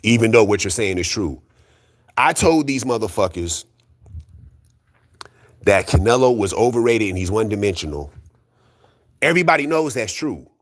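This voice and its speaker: A man's voice: on the low side, sing-song, normal speed, long pauses. A man delivering a heated solo rant about boxing, blunt and profane, repeating his points insistently against his critics. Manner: profane, blunt, repetitive, argumentative; keeps calling out critics, insistent. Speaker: boxing commentary YouTuber.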